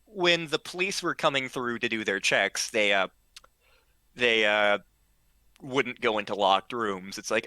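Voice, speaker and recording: A man's voice: fairly low pitch, sharp tone, dry recording. A man telling a casual story, full of ums and restarts and acting out what people said. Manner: halting, full of ums and restarts, acts out quoted lines.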